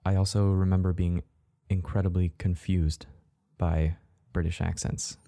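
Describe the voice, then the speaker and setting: A young man from Texas, a guest on a casual podcast chat, easygoing and quick to laugh. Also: deep voice, little pitch movement, mellow, dry recording, studio quality. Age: young adult.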